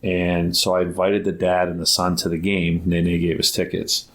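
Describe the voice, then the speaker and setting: A man's voice: low-pitched, monotone, moderate pace. A middle-aged man, a guest on a podcast, telling a casual rambling story full of "like" and restarts, acting out the dialogue he quotes. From Ohio, United States. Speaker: guest, basketball academy founder.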